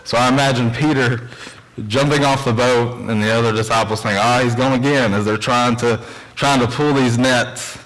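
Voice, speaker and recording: A young man gives a church sermon in a plain, mid-pitched voice. He talks in an earnest, conversational way and drifts into storytelling asides between readings of scripture. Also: steady tone, moderate pace, fairly bright tone, poor audio. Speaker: preacher.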